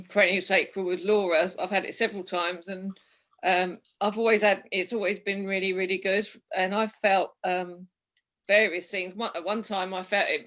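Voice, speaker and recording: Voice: medium pitch, bright, forceful tone. A person in a casual group chat, thoughtfully recounting personal experiences with hesitations. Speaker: group participant.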